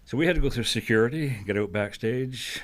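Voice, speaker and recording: Older man telling lively stories. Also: medium pitch, a little fast. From Fredericton, New Brunswick, Canada. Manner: lively storyteller who acts out quoted voices and chuckles often. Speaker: guest singer-songwriter. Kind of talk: casual storytelling in a TV interview.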